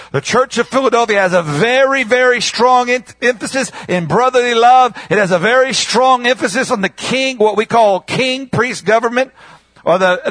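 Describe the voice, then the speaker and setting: A man preaching a sermon in call-and-response style. He rises to shouts on key words, drags out quoted scripture and stumbles over repeated words. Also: very high voice, dry recording.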